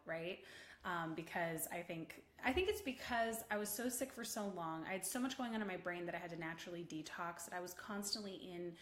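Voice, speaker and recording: A woman coach hosting a live video session, bubbly and animated, chatting with viewers and reading out their comments. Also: medium pitch, fairly quick, roomy sound. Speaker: online visibility coach. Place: home office room.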